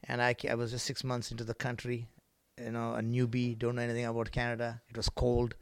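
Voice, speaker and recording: Gravelly middle-aged preacher from India. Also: male voice, mid-range voice, completely flat delivery, fast, no room sound. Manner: swings from quiet reflection to loud, emphatic exclamations; repetitive, rhythmic preaching with frequent "right?" and "amen?". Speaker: guest preacher. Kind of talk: sermon.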